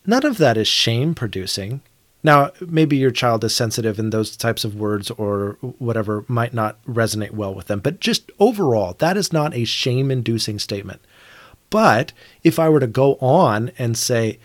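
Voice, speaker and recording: A man's voice: medium pitch, lively intonation, normal speed, dry recording. Earnest man thinking aloud, dry sound. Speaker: podcast co-host. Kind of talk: reflective conversational discussion.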